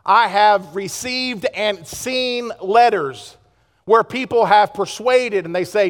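Pastor guy preaching hard in a big echoey church, high pitched, gets loud then drops quiet. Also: slow. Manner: impassioned preaching, swings from loud urgency to hushed pleading. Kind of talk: sermon. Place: church sanctuary.

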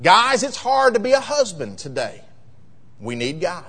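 A man preaching a sermon as pastor, emphatic and rising to loud peaks in a church sanctuary. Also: high voice, huge pitch swings, measured pace, slightly rough. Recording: long reverb of a large hall.

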